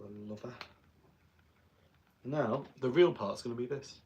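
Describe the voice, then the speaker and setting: A man's voice: mid-range voice, a little slow, a little mellow, slight background noise. A young man chatting casually while doing his drag makeup, rambling with self-mocking asides. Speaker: drag performer and vlogger.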